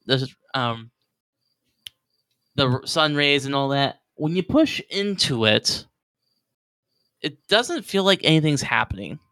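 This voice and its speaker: A man runs a tabletop game with a smooth, resonant voice. He narrates loosely, with many fillers. The recording is dry and close. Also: mid-range voice, lively intonation, slow pace, pauses often, bright, forceful tone, dry recording. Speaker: game master.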